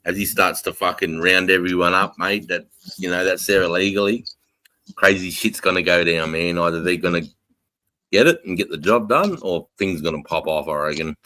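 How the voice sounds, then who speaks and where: A man's voice: low voice, moderate pace, bright, forceful tone, no echo, poor audio. A man hosting a live stream, talking in a casual, profane and heated way.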